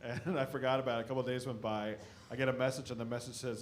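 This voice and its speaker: A stand-up comedian man from the American Midwest, telling animated stories about his family on a club stage. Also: mid-range voice, rapid-fire, few pauses. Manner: animated storytelling, shouting impressions of his dad.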